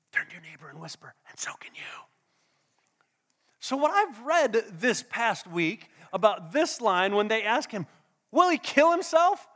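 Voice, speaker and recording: Man, pastor, sermon, call-and-response, high-pitched, reverberant church hall. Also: a bit bright. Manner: preaching with call-and-response and alliteration.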